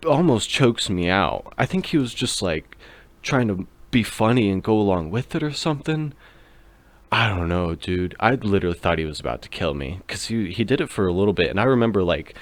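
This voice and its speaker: A man's voice: lowish voice, no echo. A young man in his twenties, hosting a podcast and telling a rambling drinking story in casual, profane talk full of fillers. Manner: loose and profane, lots of fillers. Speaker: podcast host.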